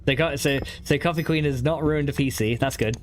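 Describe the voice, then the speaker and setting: A man's voice: fairly high pitch, slight background noise. Rambling man streamer, full of "like". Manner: rambling, fillers of "like", laughing often. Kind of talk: casual chat while playing a game.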